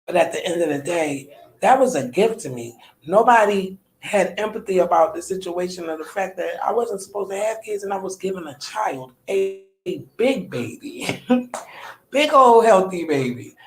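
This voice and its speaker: A woman's voice: lowish voice, lively intonation, moderate pace, echoey room, poor audio. A woman in her thirties, a podcast host, talking candidly in a personal monologue, colloquial, often trailing off and restarting. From United States.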